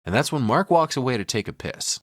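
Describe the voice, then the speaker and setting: A man's voice: medium pitch, expressive, a little fast, no room sound, studio quality. A man co-hosting a podcast, retelling a film's plot in a casual, profane way with chuckles. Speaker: podcast co-host. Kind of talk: casual movie recap.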